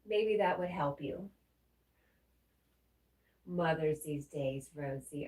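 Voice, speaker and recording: A woman hosting a livestream, reading viewers' messages aloud and answering them in a gentle, comforting way. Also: low voice, slow. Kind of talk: casual livestream chat. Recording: roomy echo, mic at a distance.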